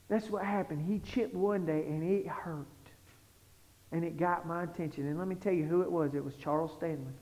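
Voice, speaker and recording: A man preaching a sermon, telling stories animatedly and swinging from hushed tones to shouting. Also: high voice. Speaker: pastor. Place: church sanctuary. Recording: lo-fi sound with long hall reverb.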